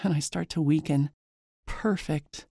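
A woman giving a chatty, lively first-person story narration. Her voice is mellow and mid-pitched, and the sound is close and dry. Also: measured pace, gravelly, dry recording.

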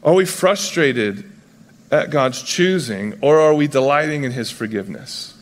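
A man preaching a casual, conversational sermon as pastor, acting out biblical figures in quick voices. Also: mid-range voice, animated. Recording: long hall reverb.

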